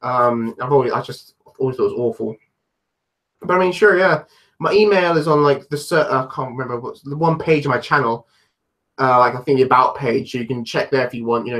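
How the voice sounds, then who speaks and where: A man's voice: medium pitch, fairly bright tone. A man with a London accent chatting casually on a live stream, answering viewers and rambling, with lots of restarts and self-deprecating asides. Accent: London English. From London, England. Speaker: livestreamer answering chat.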